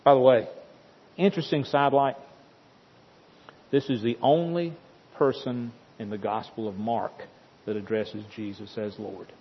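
A man's voice: medium pitch, fairly even intonation, unhurried, long pauses, breathy edge. A male preacher giving a sermon, retelling scripture with dramatic, emphatic storytelling. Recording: dull sound with long hall reverb.

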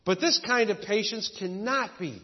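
A man's voice: high voice, normal speed. A pastor telling folksy stories and jokes while preaching a sermon to his congregation. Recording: dull echoey church recording.

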